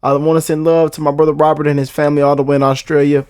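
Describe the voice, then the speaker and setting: A man's voice: fairly high pitch, flat delivery, very fast, darkish tone, clean tone, dry recording, studio quality. A young American man hosting a casual reaction video, playful and mock-scared, laughing often and repeating himself. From United States.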